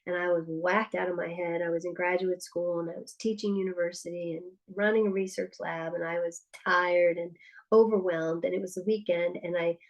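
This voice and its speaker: A woman's voice: on the low side, flat delivery, brisk, poor audio. A woman presenting a parenting workshop, talking candidly and personally with frequent restarts. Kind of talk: conversational presentation.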